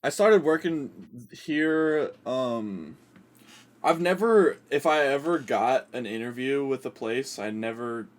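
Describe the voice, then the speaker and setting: Young man, podcast co-host, relaxed casual chat, laughs easily, mid-pitched voice. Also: slow.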